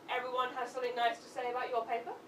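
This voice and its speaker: A woman's voice: fairly high pitch, monotone, very fast, close to an everyday voice. A woman playing a smug female professor in an improvised stage comedy, dishing out sweetly condescending digs. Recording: echoey live stage from far off, noisy.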